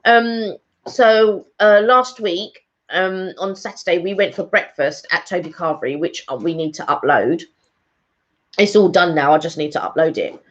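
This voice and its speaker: A woman's voice: on the low side, moderate pace. A woman co-hosting a casual live stream, chatting in a rambling way with lots of fillers. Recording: dull lo-fi stream audio.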